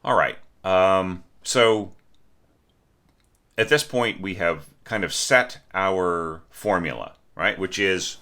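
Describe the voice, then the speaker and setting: A very low-voiced male teacher critiques a student's orchestration in a bright, forceful tone. He keeps it conversational, asking questions like "right?" and singing short notes to illustrate his points.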